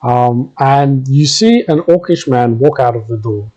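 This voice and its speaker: A man narrating as game master in a relaxed, filler-laden storytelling manner. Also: mid-range voice, measured pace, muffled recording.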